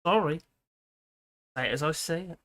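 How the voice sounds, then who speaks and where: A woman's voice: low voice, normal speed, a bit bright. A middle-aged woman from Britain hosting a casual livestream from home, rambling, laughing often and reading out viewer comments. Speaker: livestream host. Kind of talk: casual political livestream chat. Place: home room with dogs.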